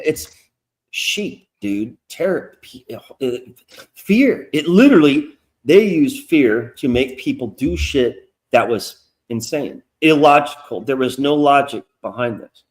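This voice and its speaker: A man's voice: medium pitch, lively intonation, slow. A man who is a guest comic artist, getting worked up in a casual talk, swearing often and sounding sarcastic. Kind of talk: heated casual chat.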